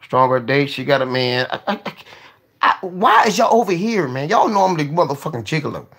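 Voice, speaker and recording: A man hosting a casual livestream, talking to his viewers in a profane, excitable way that swings from low mumbling to sudden yelling. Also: fairly quick, breathy edge. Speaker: livestream host.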